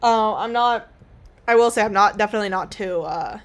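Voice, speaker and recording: A young woman streams a game, her medium-pitched voice moving fairly quickly. Her let's-play commentary is casual and rambling, with self-mocking humor and some swearing.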